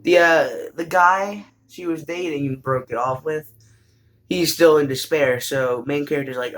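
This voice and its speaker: A man's voice: mid-range voice, fairly even intonation, normal speed. A young man hosting a show, casually recapping an anime in a rambling, hesitant way with lots of fillers. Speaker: show host.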